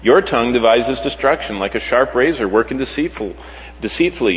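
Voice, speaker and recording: A man preaching a sermon, swinging between loud emphatic lines and soft, slow ones. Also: mid-range voice, lively intonation. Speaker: pastor. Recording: long hall reverb.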